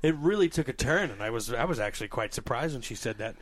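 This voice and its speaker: A man hosting a casual podcast, telling animated stories and laughing often. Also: mid-range voice, fast. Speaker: podcast host. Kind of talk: casual storytelling chat.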